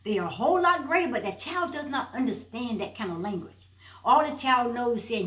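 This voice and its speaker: A woman's voice: on the high side, moderate pace, fairly bright tone, reverberant, low-quality recording. A woman giving an emphatic motivational talk, repeating rhetorical questions and building to a point. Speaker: inspirational speaker. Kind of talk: motivational preaching monologue.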